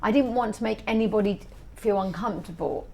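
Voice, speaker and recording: A middle-aged woman being interviewed as an author, telling stories in an animated, chatty way. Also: mid-range voice, a little fast, creaky. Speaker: author guest. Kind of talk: casual interview chat.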